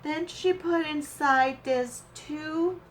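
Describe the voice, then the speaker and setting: A woman's voice: sits high, fairly even intonation, slight background noise. A woman hosting a crafting channel, opening a swap gift and gushing over it with teary gratitude and awe. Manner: gushing, slow and tearful with awe.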